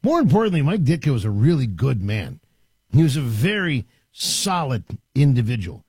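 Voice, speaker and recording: A man hosting a talk radio show from a studio, delivering an animated, emphatic monologue with frequent restarts. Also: medium pitch, moderate pace, husky, no room sound.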